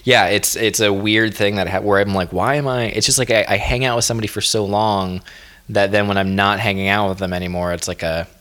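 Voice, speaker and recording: A man's voice: fairly low pitch, steady tone, a little fast, fairly bright tone. A man hosting a podcast as a comedian, chatting in a jokey, rambling, self-deprecating way. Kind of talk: casual podcast chat.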